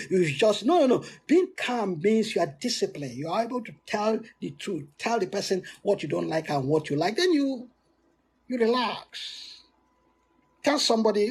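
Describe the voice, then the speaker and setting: A man giving a motivational talk with emphatic swoops in pitch, frequent restarts and laughs between points. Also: husky. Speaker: motivational speaker.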